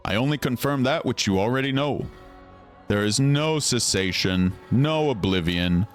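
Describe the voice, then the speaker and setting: A man voicing an ominous masked emissary in a slow, solemn, lowered voice. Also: animated, faint music behind, lightly acted. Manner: low, slow, solemn delivery, self-admittedly weak villain voice.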